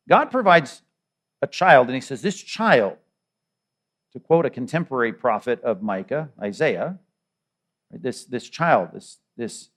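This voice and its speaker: A man's voice: fairly high pitch, fairly bright tone. A middle-aged male pastor preaching a sermon in a conversational way, with repeated words and rhetorical questions.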